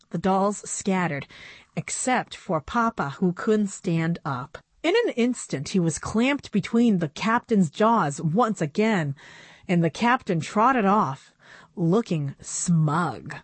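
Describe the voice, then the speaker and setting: A woman narrating a children's storybook in a measured, expressive way. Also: fairly low pitch, no echo. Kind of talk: storybook reading.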